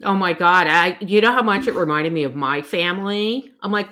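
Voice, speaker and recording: A woman's voice: lowish voice, moderate pace, sharp tone. A woman co-hosting a casual book discussion, reading passages aloud and laughing often. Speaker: book podcast co-host.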